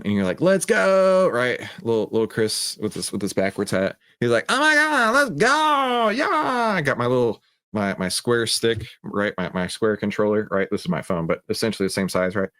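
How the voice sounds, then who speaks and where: A man hosting a casual livestream, talking in an animated, digressive way and often interrupting himself. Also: lowish voice, no room sound, clean studio sound. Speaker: host.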